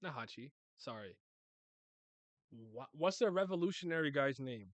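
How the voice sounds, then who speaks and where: A man's voice: mid-range voice, lively intonation, moderate pace, no echo. A young man casually reacting to a manga chapter, joking, rambling and swearing as he reads.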